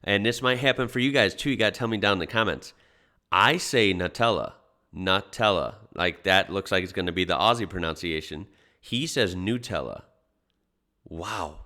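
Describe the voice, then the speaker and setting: Low-voiced easygoing man reacting on camera. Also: brisk, bright, forceful tone. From United States. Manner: easygoing, chatty, many fillers. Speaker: reaction video host. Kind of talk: casual reaction commentary.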